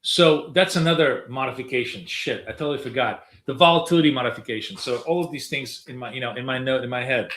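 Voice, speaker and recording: A man's voice: mid-range voice, quick pace, few pauses, fairly bright tone. Rambling man streaming trades in an echoey room. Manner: rambling, swears offhandedly, trails off into fillers. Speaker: day trader streaming live. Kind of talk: casual live-stream commentary.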